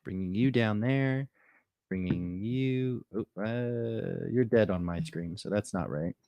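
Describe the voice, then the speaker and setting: A man's voice: fairly low pitch, slow pace, vocal fry, no room sound, highs cut off. A man running a tabletop game as game master, in a loose, joking way with plenty of fillers.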